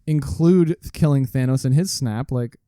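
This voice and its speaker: Male co-host with a mellow, dark tone, rambles and argues, dry sound. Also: mid-range voice, normal speed, no room sound. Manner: argumentative, rambling with restarts. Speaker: podcast co-host. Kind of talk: casual chat.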